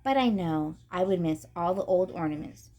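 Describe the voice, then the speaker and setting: Gentle storybook mom, warm and reassuring, voiced by a woman reader. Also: on the low side, expressive, moderate pace. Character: kind, gentle mother.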